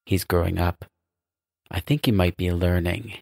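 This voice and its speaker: A man plays a dim young demon lackey who is eager to please his uncle. His voice is deep and rough, soft-spoken and meek in a storybook reading. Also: steady tone, measured pace, no echo, studio quality.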